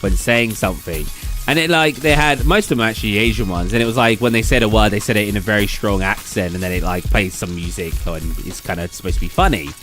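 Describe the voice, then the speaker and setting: A man's voice: lowish voice, quick pace, a bit bright, soft background music. A young British man chatting casually with viewers on a late-night stream, rambling with lots of fillers and restarts and reading chat aloud.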